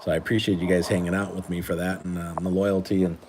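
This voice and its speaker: Easygoing deep-voiced man chatting. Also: level tone, fast talker, background noise. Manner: rambling, easygoing, many restarts. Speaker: host and coach. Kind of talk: casual live-stream chat while sorting cards.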